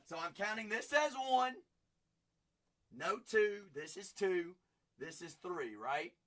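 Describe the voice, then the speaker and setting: A man's voice: high-pitched, animated, slow pace, fairly bright tone. A young man with a Southern Kentucky twang, hosting a live card-break stream with folksy, hyped sales banter.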